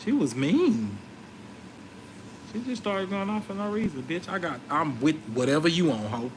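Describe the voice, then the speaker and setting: A man's voice: fairly high pitch, moderate pace, noisy background. A man telling street stories in a brash, confrontational, profane rant. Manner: brash, confrontational, animated retelling. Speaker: vlogger.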